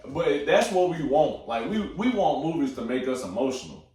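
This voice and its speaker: A young man casually talking about upcoming films, excitable and slangy, swearing freely. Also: on the high side, normal speed. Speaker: movie talk host. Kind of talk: casual movie chat. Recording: echoey room, far from the mic.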